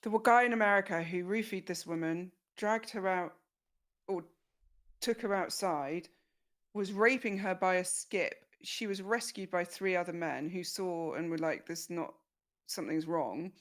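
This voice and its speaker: Woman co-host chiming into the chat. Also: on the low side. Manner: conversational, quick to chime in. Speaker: podcast co-host. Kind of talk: casual live chat.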